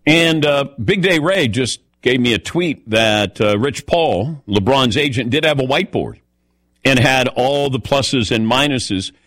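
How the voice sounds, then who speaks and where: A man of middle pitch hosts a talk radio show, chatty and anecdotal. His voice is close and dry, with no room around it. He tosses the talk to his co-hosts often. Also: unhurried, a bit bright, no echo. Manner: chatty storyteller, calls on co-hosts by name. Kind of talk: casual radio show chat.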